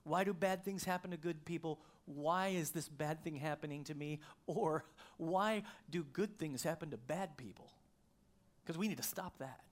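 A man's voice: on the high side, normal speed. A middle-aged male pastor preaching a sermon, telling a personal story in a conversational way with frequent restarts.

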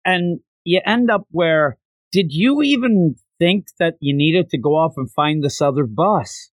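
A man in a casual podcast chat, recapping with animated energy and acting out lines with sudden leaps in pitch. His voice sits a little high for a man. The sound is dry and close, with no room echo. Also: unhurried. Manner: animated, acts out quotes with jumps in pitch. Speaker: podcast co-host.

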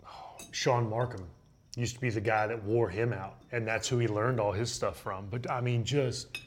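A young adult man, a baseball pitcher and guest, telling an animated anecdote in a casual interview. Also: moderate pace, slight background noise. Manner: animated, laughing anecdote teller.

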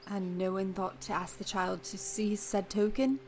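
A woman's voice: mid-range voice, flat delivery, normal speed, darkish tone, slight background noise. A woman playing a tabletop game in character, asking dry, sarcastic questions. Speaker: player.

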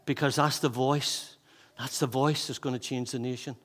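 A man of sixty preaching a sermon as pastor, fervent and repetitive, moving between loud exhortation and hushed intensity. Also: mid-range voice, steady tone, moderate pace, big-room sound. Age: 60s. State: out of breath. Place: church hall.

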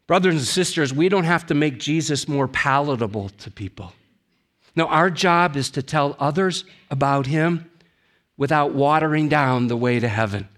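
Male pastor, higher register, deliberate unhurried sermon delivery with dramatic pauses. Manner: emphatic, with dramatic pauses and drops to a low hush.

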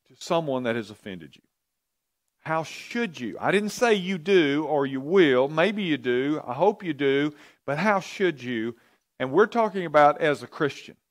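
A man leading an interactive church teaching, conversational, asking the audience questions and often repeating himself. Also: on the high side. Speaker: pastor or Bible teacher.

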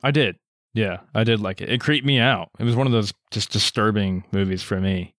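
A man's voice: fairly low pitch, brisk, a bit bright, no echo, clean studio sound. A man co-hosting a podcast in casual chat, hesitant and often repeating words. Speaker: podcast co-host.

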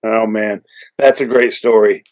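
A man hosting a hunting podcast, telling a long story in a rambling way with many restarts and excited punchlines. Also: lowish voice, measured pace, rough recording. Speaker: podcast host. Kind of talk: casual storytelling interview.

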